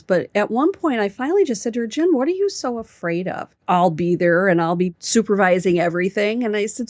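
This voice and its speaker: A woman consultant telling family stories in an interview, animated and voicing quoted dialogue. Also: mid-range voice, no room sound, studio quality. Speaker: senior living consultant, guest. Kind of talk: conversational interview storytelling.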